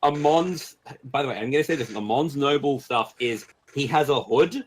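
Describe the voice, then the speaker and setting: A man chatting as a player in a tabletop role-playing game, playful and quick to joke. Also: mid-range voice, a little hiss or hum, rough recording. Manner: playful, slips into a haughty noble voice. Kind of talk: casual tabletop game chat.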